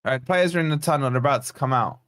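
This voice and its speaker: A man's voice: mid-range voice, racing, fairly bright tone, smooth. A man hosting a live fan watch-along stream, reading out chat comments with chatty, teasing banter. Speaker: fan channel host.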